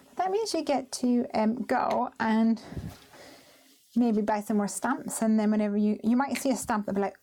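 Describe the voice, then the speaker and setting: A woman's voice: fairly high pitch, normal speed, warm tone, slight background noise. Chatty woman crafting live. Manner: chatty, talks herself through each step. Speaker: crafting host. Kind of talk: casual live craft demo.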